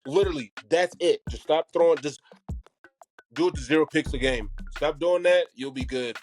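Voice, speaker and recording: A man's voice: fairly high pitch, moderate pace, darkish tone, soft background music. A man co-hosting a football podcast, talking casually and animatedly, swearing often and laughing between points. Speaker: podcast co-host. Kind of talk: casual sports chat.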